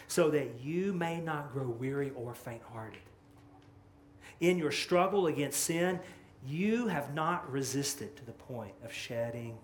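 A pastor preaching with passion, his middle-pitched voice climbing loud then dropping to a hush. The sound is roomy and echoing, with a faint hum of ambience behind him. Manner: impassioned preaching, swinging from loud to hushed. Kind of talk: sermon. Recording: echoey room with faint ambience.

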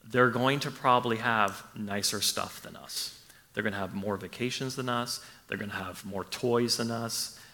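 A man's voice: lowish voice, moderate pace, sharp tone, in a large hall. A man preaching a sermon as pastor, talking conversationally and repeating his questions for emphasis. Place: church.

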